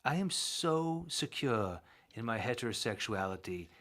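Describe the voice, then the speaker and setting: A man's voice: mid-range voice, animated, a little slow, fairly bright tone. A man playing a smug, self-righteous progressive character in an improvised comedy bit, mock-earnest and prone to stammering and giggling. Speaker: comic guest character.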